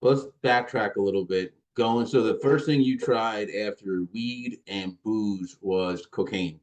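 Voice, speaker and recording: A man's voice: on the low side, measured pace, low-quality recording. A man hosting a podcast interview in a laid-back, blunt way with casual swearing. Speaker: podcast host.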